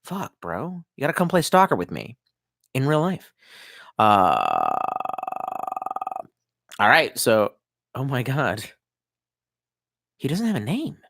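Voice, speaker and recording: A young man rambles through a casual live stream, swearing freely and a little tipsy on wine. His pitch jumps around with lively swings. The sound is dry and close, with no room around it. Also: slow, gravelly, pauses often, dry recording. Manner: rambling, profane, reads chat aloud.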